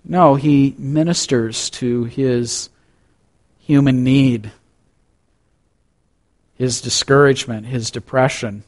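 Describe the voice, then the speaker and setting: A man's voice: mid-range voice, fairly even intonation, slow, pauses often, darkish tone. A man preaching a sermon, reading scripture aloud with dramatic rises and drops and adding conversational asides. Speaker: pastor.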